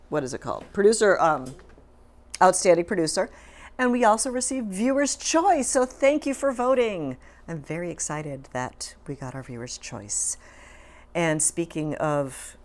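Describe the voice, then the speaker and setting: A woman with a low voice hosts a local community talk show. She is chatty and upbeat, thanking her crew by name and leading a friendly interview. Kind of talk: casual interview.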